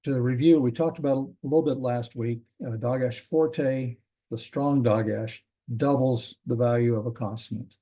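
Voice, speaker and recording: A man gives a classroom lecture in a dark, mellow voice. He talks in a loose, rambling way, stopping often to say um and correct himself. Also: mid-range voice, moderate pace. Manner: relaxed, rambling, frequent ums and self-corrections. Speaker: Hebrew teacher.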